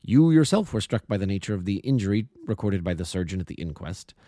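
Guy reading a sharp male detective explaining his clues, lowish mellow voice, bouncy delivery, dry sound. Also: very animated, fast, no echo. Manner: methodical, lecturing. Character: brilliant, precise male detective explaining deductions. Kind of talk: amateur audiobook reading.

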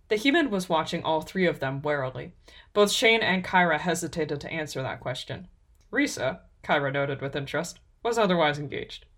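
A woman narrating a fantasy story in a measured reading voice. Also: on the low side, lively intonation, fairly bright tone.

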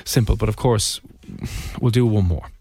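A man hosting a radio show, chatting and joking quickly with callers and his co-host. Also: lowish voice, dark tone, slightly rough, no room sound. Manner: fast, jokey and chatty. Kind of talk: casual radio chat.

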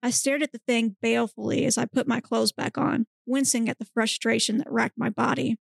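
Woman podcast host reading aloud: deadpan, gravelly edge, dry close mic. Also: fairly high pitch, a little fast, no room sound. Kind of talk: dramatic reading of erotic fiction.

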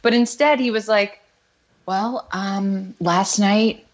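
A woman's voice: medium pitch, steady tone, takes it slowly. A woman guest on a podcast, telling a personal story in a frank, rambling way. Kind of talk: candid storytelling.

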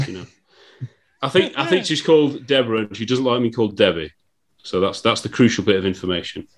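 A man hosting a podcast, chatty and casual, often restarting his sentences. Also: mid-range voice. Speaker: podcast host.

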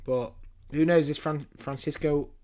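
Man, podcast co-host, casual chat, jokey and rambling, a bit high-pitched. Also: fairly even intonation, unhurried, darkish tone. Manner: jokey, rambling, laughs often.

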